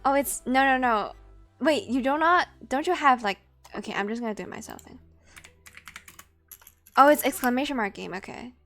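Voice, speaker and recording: A woman's voice: high voice, lively intonation, a little fast, pauses often, fairly bright tone, soft background music. A woman streamer chatting casually and playfully with her viewers, giggling often. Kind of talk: casual live-stream chat.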